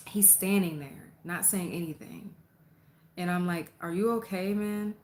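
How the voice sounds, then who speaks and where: A young adult woman vlogging a casual storytime from her apartment, animated and profane as she tells it. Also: lowish voice, unhurried, a little hiss or hum.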